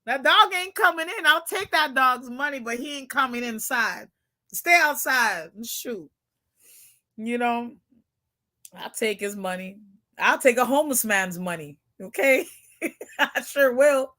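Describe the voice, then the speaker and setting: A woman with a high, bright voice chats casually with her viewers. She is brash and joking, laughs often and keeps coming back to the word "shoot". Her delivery is loud and animated. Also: unhurried. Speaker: channel host.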